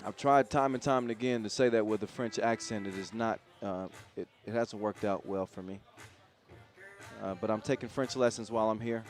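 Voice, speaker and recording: A man's voice: on the low side, steady tone, normal speed, faint music behind. A man giving live play-by-play commentary at an outdoor event, chatty and joking between plays. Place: outdoor event in a city square.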